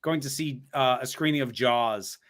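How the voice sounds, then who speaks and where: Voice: mid-range voice, moderate pace, a bit bright. Dry, witty podcast guest. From United States. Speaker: guest content creator. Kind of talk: casual chat.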